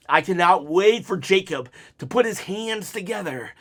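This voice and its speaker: A man with a fairly high voice rambles through a wrestling recap in a one-take vlog. He talks loosely and animatedly, piling on asides and stopping to act out what the wrestlers said. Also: lively intonation, normal speed, hardly any pauses. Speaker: wrestling commentary youtuber.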